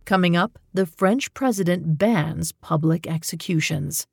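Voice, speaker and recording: A woman hosting a podcast, telling a grim history in measured, scripted narration. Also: on the low side, creaky, a little mellow, breathy edge. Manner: measured, grave storytelling. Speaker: podcast host.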